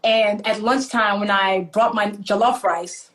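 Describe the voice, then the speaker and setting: A woman from Nigeria, animated and laughing often as she tells stories in a conversational interview. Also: mid-range voice, unhurried. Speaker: author and guest.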